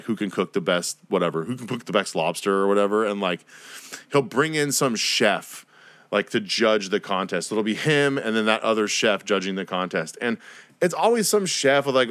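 On his own podcast, a young male host rants solo, rambling and swearing, laughing as he mocks people in goofy voices. His voice is fairly low and slightly bright, with no room sound.

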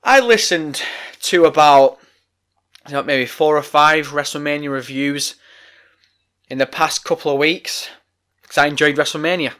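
Angry swearing podcast ranter. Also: male voice, fairly high pitch, unhurried, pauses often, a bit bright. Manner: profane, angry, emphatic. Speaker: wrestling podcast host. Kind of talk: heated ranting commentary.

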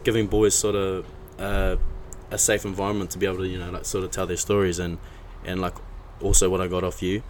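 A man's voice: deep voice, flat delivery, brisk, hardly any pauses, darkish tone, slight background noise. A man hosting a podcast, talking in a laid-back, slangy way with lots of fillers. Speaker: podcast host. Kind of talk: casual chat.

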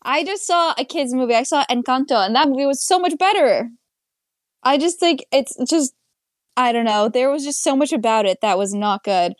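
A woman's voice: high-pitched, expressive, normal speed, dry recording, clean studio sound. A young woman co-hosting a casual movie review podcast, blunt and sarcastic in her criticism. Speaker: podcast co-host.

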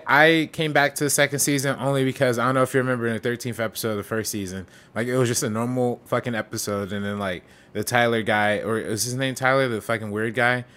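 A man's voice: medium pitch, fairly even intonation, quick pace, few pauses, fairly bright tone. Laid-back young man, casual swearing. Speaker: podcast co-host. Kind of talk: casual chat.

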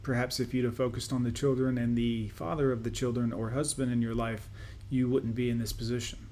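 A man's voice: mid-range voice, little pitch movement, brisk, dark tone. A man hosting a reaction video, commenting sarcastically and dismissively over played clips.

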